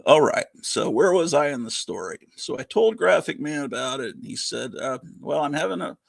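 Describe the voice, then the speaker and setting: A man's voice: medium pitch, lively intonation, normal speed, creaky, no room sound. A man in his fifties hosting a livestream, telling rambling anecdotes in casual chat and laughing often. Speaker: livestream host.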